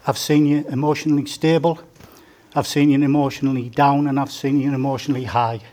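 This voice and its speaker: A man's voice: medium pitch, level tone, brisk, darkish tone. A man, giving a joking, story-filled father of the bride speech at a wedding reception. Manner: joking, storytelling, teasing the groom. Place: indoor wedding reception room.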